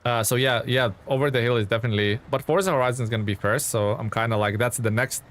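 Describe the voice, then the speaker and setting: A man's voice: medium pitch, steady tone, fast, a bit bright. Chatty man live-streaming a truck game. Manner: rambling, restarts often, answers chat by name. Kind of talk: casual live-stream chat.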